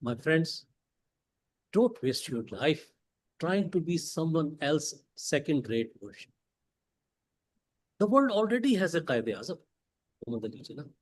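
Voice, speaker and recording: Slow, animated man with Pakistani English accent. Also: on the high side, low-quality recording. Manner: emphatic, with dramatic pauses and rhetorical questions. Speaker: club speaker. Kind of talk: prepared motivational speech. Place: meeting hall.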